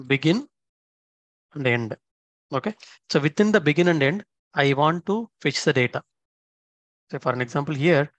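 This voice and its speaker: A man with a slightly high, somewhat bright voice teaches a programming lesson step by step in a screen-recorded coding tutorial, with no echo. As the instructor, he frequently pauses to check in with "okay?"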